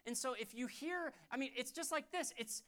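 A pastor delivering a sermon in church, talking conversationally and fervently, dropping to a hush and then rising loud again. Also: male voice, extremely high pitch, moderate pace, clean tone. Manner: fervent, conversational preaching that swings from hushed to loud.

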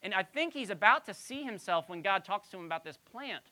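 A woman pastor delivers a conversational sermon with a clear, bright tone. Her pitch rises and falls widely as she poses rhetorical questions to her listeners, keeping the teaching lively and animated. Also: a little fast.

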